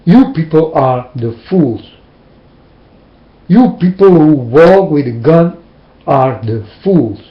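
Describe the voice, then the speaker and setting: A man's voice: on the high side, expressive, slow pace, long pauses. A man delivering a preachy, scolding monologue to his listeners, with emphatic, plain and slightly non-standard phrasing. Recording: roomy, dull lo-fi recording.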